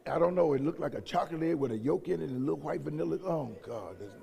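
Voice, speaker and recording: A man preaching a sermon in a slightly high, gravelly and husky voice. His words swell and ring with the long reverb of a big sanctuary as he acts out the people he quotes. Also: animated, fast talker, mellow. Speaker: pastor. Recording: long reverb of a large hall.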